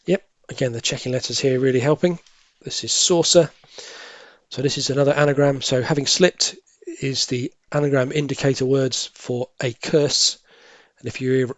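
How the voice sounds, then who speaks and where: A man thinking aloud as he works through cryptic crossword clues, musing and correcting himself, with quiet half-muttered asides. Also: medium pitch, no echo. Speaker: crossword solving tutor.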